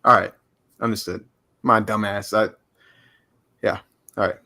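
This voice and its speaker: Gravelly man co-hosting a stream. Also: on the low side, fairly even intonation, measured pace, bright, forceful tone. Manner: apologetic, joking. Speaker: co-host. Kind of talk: casual live-stream chat.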